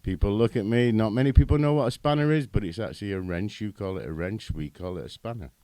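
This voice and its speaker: A British man speaks in a deep, low voice as a podcast guest. He tells chatty stories and chuckles at them. The sound is dry and close. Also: quick pace, warm tone, no echo. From Britain. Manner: chatty storyteller, chuckles at own anecdotes. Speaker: guest, runs animal bylaw service. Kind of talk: casual podcast chat.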